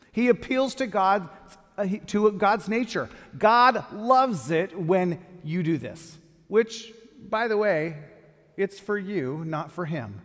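A pastor preaching a sermon and reading scripture aloud with feeling. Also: male voice, high-pitched, slow. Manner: expressive, reads scripture with feeling. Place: church hall. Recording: long hall reverb.

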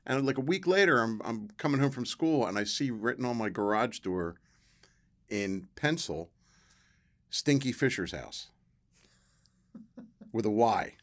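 Animated middle-aged man telling a story. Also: medium pitch, a little slow, long pauses. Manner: animated storyteller acting out quoted voices. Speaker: podcast guest. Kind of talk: casual storytelling.

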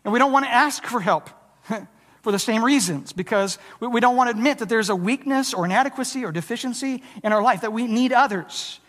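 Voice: medium pitch, a little fast, fairly bright tone. A preacher delivering a sermon in an earnest way, often stammering and restarting phrases and acting out the lines it quotes. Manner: acts out quoted lines in a changed voice. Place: church sanctuary. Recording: long hall reverb.

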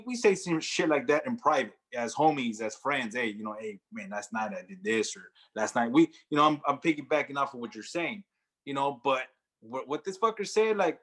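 A man's voice: a little high, expressive, fairly quick, fairly bright tone. A man co-hosting a radio talk show, blunt and swearing freely as he rambles through his opinions. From Mexican-American. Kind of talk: casual podcast chat. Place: radio studio.

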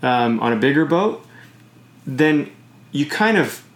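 A man's voice: mid-range voice, big pitch swings, takes it slowly, reverberant. Rambling man in casual chat. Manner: rambling, uses sailing comparisons, many fillers.

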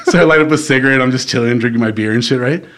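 A man in mid-range pitch tells a rowdy story on a casual podcast, swearing freely and checking in with "right?" after nearly every beat. His delivery is loose and animated, like one friend talking to another. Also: very fast. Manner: profane, animated storyteller, keeps asking "right?". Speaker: podcast co-host; former band vocalist.

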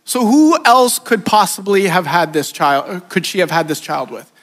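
Man, sermon, high-pitched, conversational, acts out characters, reverberant church. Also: lively intonation, moderate pace, a bit bright. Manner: casual, conversational preaching with acted-out voices. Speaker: preacher. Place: church sanctuary.

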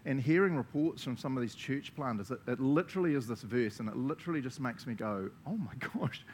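A man with a New Zealand accent preaching a lively sermon to a congregation, laughing often and acting out the voices he quotes. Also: mid-range voice, fast talker, slight background noise.

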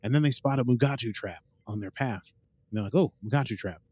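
This man talks fast in a mid-range voice that's a little mellow and slightly rough, recorded dry. Hosting a podcast, he rambles through an episode recap, leaning on "uh" and "like" and voicing the characters' lines along the way.

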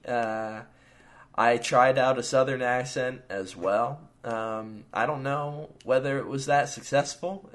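A man hosting a podcast, talking casually with frequent fillers and chuckles, then reading his own story aloud. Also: mid-range voice. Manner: laid-back, chuckling, many fillers. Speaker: podcast host.

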